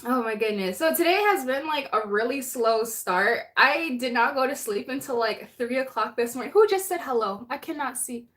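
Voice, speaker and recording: A woman's voice: sits high, expressive, moderate pace, few pauses, a bit bright. A woman hosting a casual livestream, chatting and laughing as she greets viewers by name. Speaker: livestream host. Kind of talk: casual live chat with viewers.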